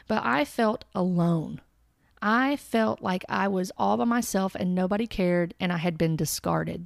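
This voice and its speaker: Woman, testimony talk, gravelly, earnest and halting, dry close sound. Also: mid-range voice, no echo. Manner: earnest, halting, with restarts and repeated words. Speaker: Christian speaker sharing testimony.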